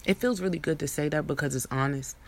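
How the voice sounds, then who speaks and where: A woman's voice: deep voice, fast talker. A young woman in a rambling, profane monologue, preaching at her viewers with many restarts and asides. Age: young adult.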